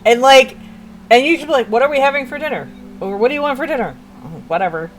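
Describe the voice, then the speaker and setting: A woman's voice: sits high, quick pace, slight background noise. A woman in a casual chat, telling stories expressively and acting out her own reactions. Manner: expressive, acts out quoted reactions. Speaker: stream host.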